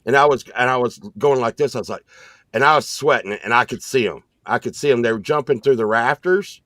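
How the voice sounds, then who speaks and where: A man in casual podcast chat, spinning animated, rambling stories. His voice sits at a middle pitch, and the sound is dry and close to the mic. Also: brisk, dry recording. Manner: animated storyteller, excited and rambling. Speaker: podcast co-host.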